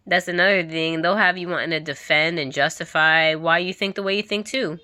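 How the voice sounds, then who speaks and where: A woman vlogger speaks candidly to the camera in a fairly low voice with a bright, pointed edge. She drives her points home by repeating them and laughs now and then. Her voice sounds dry and close. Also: steady tone, fairly quick, hardly any pauses, dry recording.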